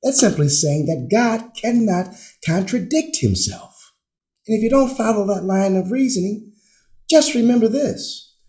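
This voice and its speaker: A man teaching theology, his pitch swinging widely as he works through one rhetorical question after another. He talks slowly and deliberately, sitting a little higher than most men. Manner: animated, rhetorical questions and answers. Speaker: religion teacher. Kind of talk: classroom-style theology talk.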